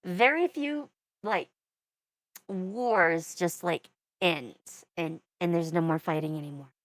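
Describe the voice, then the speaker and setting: A woman's voice: on the low side, takes it slowly, no echo. A woman in her forties giving casual reaction commentary as a VTuber, with wry, rambling asides.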